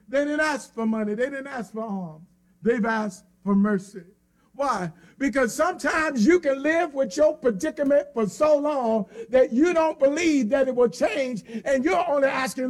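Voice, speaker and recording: High, gravelly preacher man, impassioned. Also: expressive, unhurried, pauses often. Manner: impassioned, swings from hushed to shouting. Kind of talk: sermon.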